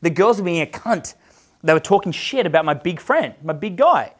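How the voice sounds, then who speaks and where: Here the same kind of storyteller, an Australian man in his thirties who coaches dating, speaks in a high voice at normal speed. His long, relaxed anecdote is full of profanity, and he performs each character's voice.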